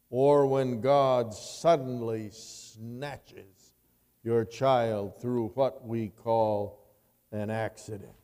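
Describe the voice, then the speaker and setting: Pastor, male, slow and emphatic sermon delivery, mellow tone, church hall reverb. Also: medium pitch. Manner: slow, emphatic preaching with dramatic rises.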